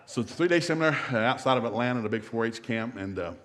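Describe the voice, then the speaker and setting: A man's voice: medium pitch, lively intonation, fairly bright tone. A middle-aged man with a Southern US accent, giving a humorous marriage seminar in a church and acting out the voices in his stories. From American South. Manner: fast-talking storyteller acting out quotes. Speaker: seminar speaker. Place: church hall.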